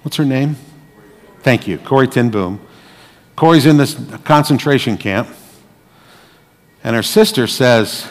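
A man preaching in a church hall, his voice carrying a long reverb that hangs after each phrase. He is dramatic, dropping to a hush and then rising to loud declarations. His pitch sits in a middle range for a man. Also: measured pace, pauses often. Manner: dramatic, swings from hushed to loud. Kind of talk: sermon.

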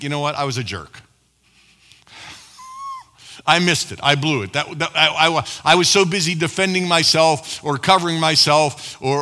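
A man preaching a sermon to a live congregation, with call-and-response asides, swinging between loud emphatic lines and quiet low asides. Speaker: pastor. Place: church hall before a live congregation.

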